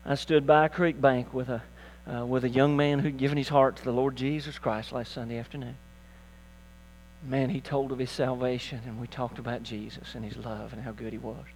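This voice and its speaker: A man's voice: mid-range voice, little pitch movement, a little fast, darkish tone, a little hiss or hum. An older man preaching a sermon as pastor, building to emphatic, rising calls to his church.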